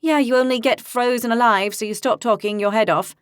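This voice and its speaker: Sarcastic young redheaded fighter, read by a woman narrator, raised brighter pitch, dry close sound. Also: clear, resonant tone, no echo, natural voice. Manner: sarcastic, quick retorts.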